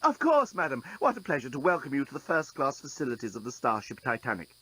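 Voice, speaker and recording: A man's voice: medium pitch, wildly swooping pitch, fast, fairly bright tone, breathy edge, heavily acted, rough recording. A man voicing a servile robot desk clerk in a strangled, simulated voice, reading an audiobook. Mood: fawning. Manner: prim, officious, squeals when handled. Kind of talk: audiobook character voice.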